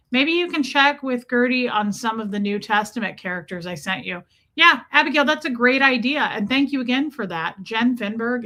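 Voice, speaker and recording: A woman's voice: on the high side, bright, forceful tone. A woman hosting a casual livestream, chatting and greeting viewers by name in an affectionate way. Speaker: livestream host.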